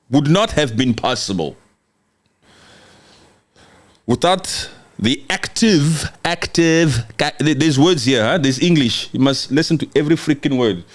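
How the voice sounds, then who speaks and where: A young man hosting political commentary, reading a document aloud and scolding his audience in a combative, sarcastic, emphatic way. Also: mid-range voice.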